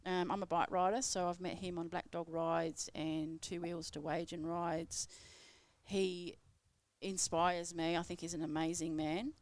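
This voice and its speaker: A woman's voice: lowish voice, level tone, measured pace, no room sound. A woman hosting a live radio interview, speaking hesitantly with frequent ums and restarts. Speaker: radio host. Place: radio studio.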